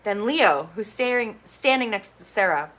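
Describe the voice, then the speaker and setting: A woman's voice: medium pitch, normal speed. A woman giving a casual, gossipy recap of a reality TV show, blunt and opinionated, swearing freely. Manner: chatty, gossipy storytelling with bursts of excitement.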